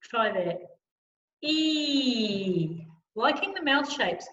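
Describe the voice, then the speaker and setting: Woman vocal coach, high and unhurried, demonstrates vowels on a roomy, dull video call. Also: animated, a little hiss or hum. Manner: encouraging, demonstrates sounds loudly. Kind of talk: online vocal warm-up lesson.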